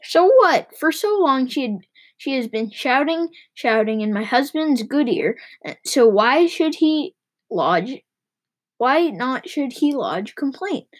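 A scornful passenger woman trading insults on a bumpy coach, put on by a woman reading aloud. Her voice is high, sharp and mocking. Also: lively intonation, slow pace, full character voice. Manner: scornful, scolding.

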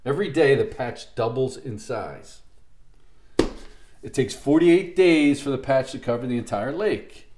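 A man casually hosting a chat show, running matchup questions and riddles briskly. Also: medium pitch, lively intonation. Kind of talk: casual chat, quiz host. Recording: echoey room, faint noise.

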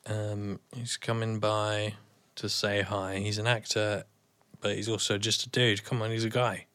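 A man's voice: lowish voice, level tone, unhurried, a bit bright, clear, resonant tone. A man hosting a podcast, joking playfully through casual chat. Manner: jokey, playful banter. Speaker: podcast host.

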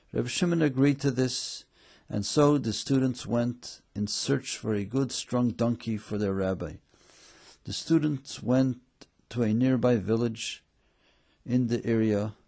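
Gravelly low-voiced man telling a story. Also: unhurried. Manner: voices characters with lifted excited pitch. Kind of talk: storybook narration.

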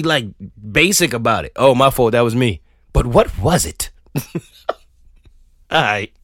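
A man's voice: high-pitched, fairly bright tone, dry recording, clean studio sound. A man hosting a podcast, ranting comedically, laughing often and swearing freely. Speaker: podcast host. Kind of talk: comedic rant.

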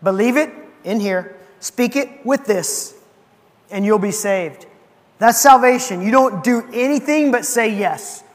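A man with a high voice preaching in a church. He tells the story in a lively way, acting out characters and dropping from big emphatic lines to near-whispers. A long reverb trails each phrase. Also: unhurried. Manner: animated storyteller acting out voices, swinging from loud to hushed. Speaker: pastor. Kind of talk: sermon. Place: church sanctuary.

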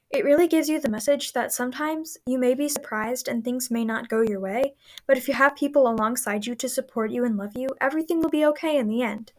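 A woman reviewing a book and reading a passage aloud, earnest and sometimes halting over her words. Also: high voice, poor audio. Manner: earnest, with slow, halting restarts when speaking freely.

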